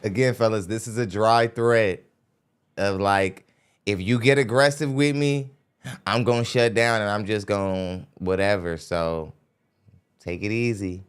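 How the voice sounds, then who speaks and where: A man's voice: on the low side, fairly even intonation, measured pace, clear, resonant tone. A man hosting a podcast, commenting bluntly and lecturing his listeners in a casual way. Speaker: podcast host reacting to a clip. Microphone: studio microphone.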